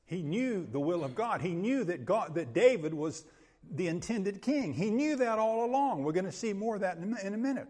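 A man's voice: sits high, animated, brisk, darkish tone. A male pastor preaching an expository sermon in an emphatic, conversational way, often checking in with his listeners. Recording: long hall reverb.

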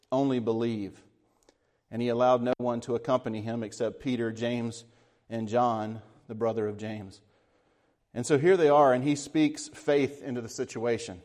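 Man, pastor, sermon, earnest and reflective, softly hushed moments, long echo of a hall. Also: mid-range voice.

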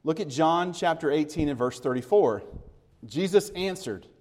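Male preacher, slightly raised pitch, chatty sermon delivery that acts out the dialogue. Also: animated, normal speed, darkish tone. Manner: conversational, explaining scripture with everyday comparisons; retells dialogue, acting out the speakers.

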